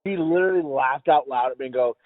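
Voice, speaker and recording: A man's voice: medium pitch, quick pace, no echo. A man co-hosting a podcast, rambling through crude jokes and laughing often. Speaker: podcast co-host. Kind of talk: crude casual banter. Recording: tinny phone-like sound.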